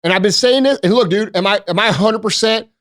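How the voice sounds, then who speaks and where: An American man with a high-set voice rants as a podcast host, profane and forceful, firing off one rhetorical question after another. The sound is dry and close, with no room around it. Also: quick pace, no echo. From United States. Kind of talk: ranting podcast monologue.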